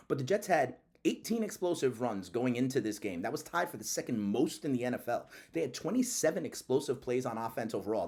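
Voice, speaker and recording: A man's voice: mid-range voice, darkish tone. A man hosting a sports channel, giving casual commentary in an emphatic, repetitive way.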